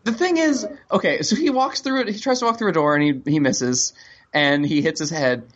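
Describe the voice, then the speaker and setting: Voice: medium pitch, fairly quick, dull audio. A podcast co-host chatting casually, joking and laughing, and acting out lines from the show. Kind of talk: casual recap chat.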